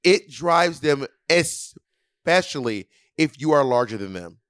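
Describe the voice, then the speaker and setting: A young man co-hosting a podcast, telling a story in a sassy, animated way and acting out what people said. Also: a little high, takes it slowly, no echo, studio quality. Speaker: podcast co-host. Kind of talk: casual chat.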